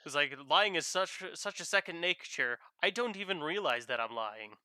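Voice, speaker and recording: A man's voice: a little high, expressive, moderate pace, bright, forceful tone, clean tone, no echo, studio quality. A young man chatting casually while drawing on stream, telling playful, rambling stories. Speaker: streaming artist.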